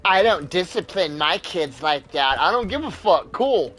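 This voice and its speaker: His voice is high and fairly bright, animated but at a measured pace. A young dad hosting a gaming channel, he delivers heated, profane, blunt ranting commentary over the gameplay.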